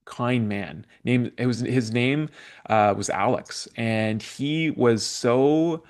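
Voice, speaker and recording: A man from Canada hosts a relaxed podcast chat, his voice sitting at an ordinary middle pitch. He rambles through his stories, full of likes, ums and false starts. The delivery is easygoing and conversational. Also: slow pace. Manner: rambling, many fillers and restarts. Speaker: podcast host. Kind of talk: casual conversational interview.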